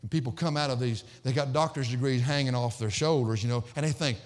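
Quick and with few pauses, this middle-aged pastor delivers an emphatic sermon that rises to loud sarcastic highs and drops to quiet, low finishes. The sound carries hall reverb.

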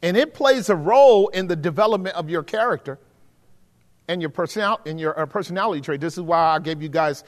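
A man preaching a sermon, asking the congregation questions and swinging between quiet, low stretches and emphatic rises. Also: expressive, a little fast. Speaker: pastor. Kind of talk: sermon teaching. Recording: hall with long reverb.

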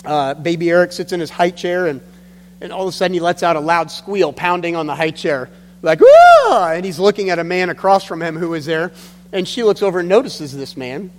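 Male pastor, earnest sermon, voice a bit high, long hall reverb. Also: a little fast. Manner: earnest storytelling with emphatic drops.

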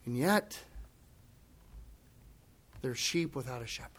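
A man preaching a sermon as pastor, swinging from hushed near-whispers to emphatic outbursts and acting out voices in conversational asides. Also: medium pitch, lively intonation, slow. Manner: acts out quoted speech in conversational asides.

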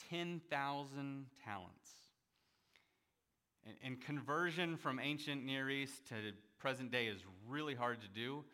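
A man's voice: medium pitch, bright, forceful tone. A male pastor giving a conversational sermon, acting out the voices in the stories he retells. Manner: conversational preaching, acts out quoted voices.

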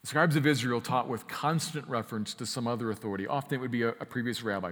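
A man preaching a sermon, emphatic, slowing down to stress key phrases and speeding through quick asides. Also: mid-range voice, a bit bright, in a large hall. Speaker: pastor.

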